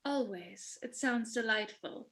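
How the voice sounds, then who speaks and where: A woman's voice: on the high side, takes it slowly, slight background noise. Bridget, a woman playing a poised servant. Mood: pleased. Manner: polite, calm, and dutiful.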